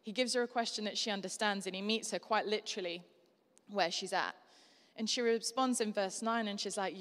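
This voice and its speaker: A woman's voice: mid-range voice, a little fast. Young woman preaching in a reverberant hall. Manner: conversational, animated storytelling. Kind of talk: sermon.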